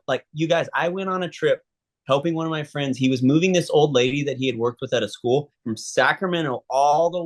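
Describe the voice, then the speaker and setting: A man, a stuntman guest, telling a long story in a casual interview and acting out the people in it. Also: mid-range voice. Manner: animated storyteller, acts out quoted people.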